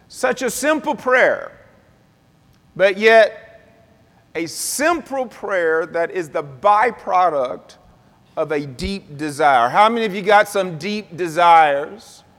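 Slow-talking preacher in a reverberant hall. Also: male voice, sits high, a bit bright. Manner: call-and-response preaching, asks the congregation to repeat words. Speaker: pastor. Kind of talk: sermon. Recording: long reverb of a large hall.

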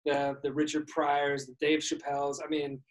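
A man's voice: fairly high pitch, monotone, normal speed, rough recording. A man co-hosting a casual chat, talking at length and reflecting on his points.

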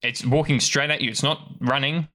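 Bright-voiced man narrating as game master. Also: medium pitch, normal speed. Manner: animated storytelling with many restarts.

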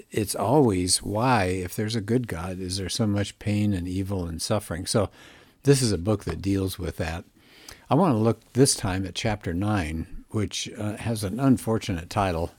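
A man's voice: deep voice, a little mellow, no echo. A man hosting a book review show, talking through a book in an earnest, reflective, conversational way. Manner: earnest and reflective, musing aloud.

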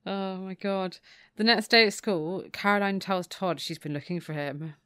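A woman's voice: medium pitch, steady tone, moderate pace, fairly bright tone, clean tone, no room sound. A woman co-hosting a casual podcast, retelling a book's plot and laughing often. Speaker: podcast co-host. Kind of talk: casual chat recapping a book.

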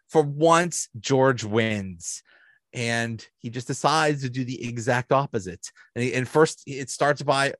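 Man, podcast host, casual recap, enthusiastic, rambling, mid pitch, dry close mic. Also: fairly bright tone, no echo. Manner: enthusiastic, rambling, frequent restarts and laughs. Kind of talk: casual episode review.

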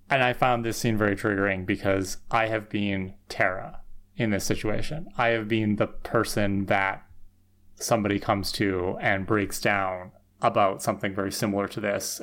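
Man podcast co-host, lower pitch, casual, tired and reflective. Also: fairly bright tone. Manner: thoughtful, tired, says "right?" and "like" a lot. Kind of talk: casual recap chat.

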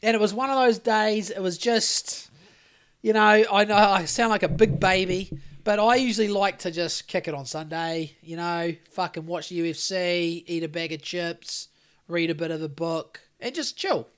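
A man's voice: high voice, normal speed, clean tone. An Australian man co-hosting a podcast, telling a long story in a rambling, sweary way with lots of restarts. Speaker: podcast co-host. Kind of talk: casual chat.

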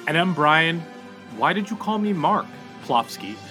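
A man's voice: fairly high pitch, lively intonation, unhurried, over music. A man co-hosting a podcast in casual chat, jokey and mock-formal, with frequent "uh" fillers. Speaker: podcast co-host.

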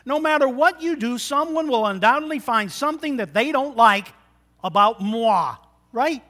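Wysoki, jasny głos pastora. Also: male voice, very high-pitched, expressive, normal speed, pushed and bright. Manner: conversational, asks the congregation questions. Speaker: preacher. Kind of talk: sermon. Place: church.

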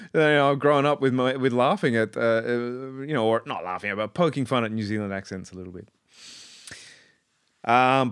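Chatty Australian man, smooth dry voice. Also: lowish voice, no room sound. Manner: rambling, enthusiastic, many ums and restarts. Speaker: pop culture commentator. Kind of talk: casual monologue review.

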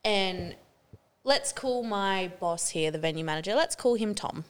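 Animated Australian woman telling stories. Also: mid-range voice, measured pace. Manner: animated storytelling, swearing freely, acting out quotes. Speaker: podcast co-host. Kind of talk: casual podcast chat.

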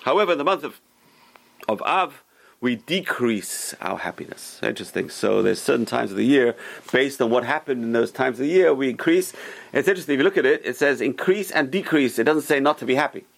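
A man teaching a Torah class as a rabbi, emphatic and repeating his key words, who tells stories in an animated way. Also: medium pitch, fairly quick, gravelly, poor audio.

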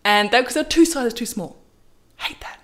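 A woman in casual storytelling, lively, acting out quoted lines with big pitch jumps. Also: moderate pace. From Australia. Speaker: model, interview guest.

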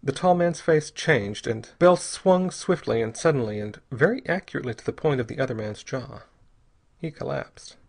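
A man narrating an audiobook chapter in a steady, even reading voice. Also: mid-range voice, normal speed, creaky, husky. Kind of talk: scripted narration.

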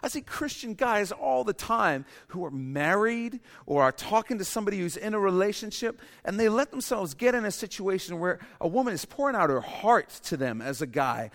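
Male pastor, animated sermon, acts out quotes, reverberant hall. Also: sits high. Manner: animated preaching, acts out quoted voices, repeats key lines. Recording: echoey hall with long reverb.

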